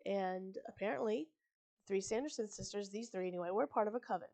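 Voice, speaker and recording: A woman's voice: mid-range voice, fast talker, a little mellow. A woman reads a story aloud on a live stream, breaking off often for casual asides. She is chatty and digressive, stumbling on words and correcting herself as she goes. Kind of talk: reading a book aloud with casual commentary.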